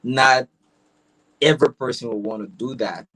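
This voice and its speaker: A man's voice: medium pitch, moderate pace, fairly bright tone, rough recording. A man from Liberia with a Liberian English accent, hosting a talk show in a friendly, teasing way and often repeating his words. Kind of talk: casual interview chat.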